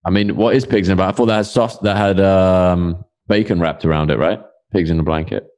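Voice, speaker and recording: A man's voice: deep voice, fairly even intonation, a little fast, darkish tone. A man co-hosting a casual podcast, explaining things hesitantly with many fillers. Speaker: podcast co-host. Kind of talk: casual chat.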